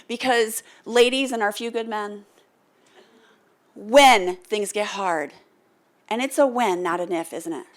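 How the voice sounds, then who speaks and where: In a mid-range voice, a motivational speaker from the United States takes her time on stage, leaving long pauses. Before a live crowd, she narrates a story, acts out the quoted lines of its characters, and animatedly asks the audience to call back to her.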